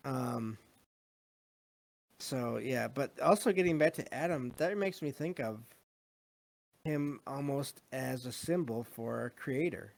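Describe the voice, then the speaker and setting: A man's voice: mid-range voice, slow, vocal fry, pauses often. Man casually reviewing a movie. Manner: rambling, many fillers, reads live chat. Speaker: podcast host.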